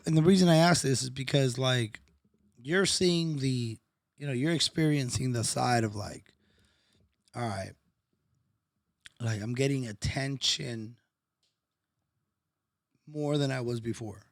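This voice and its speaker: A man who coaches and hosts a podcast, chatting casually and asking drawn-out questions full of fillers. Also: mid-range voice, no room sound, clean studio sound. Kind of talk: casual chat.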